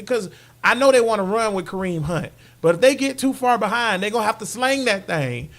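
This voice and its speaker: Lively high-voiced man. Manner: joking, sings and does impressions. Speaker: podcast co-host. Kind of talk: casual sports banter.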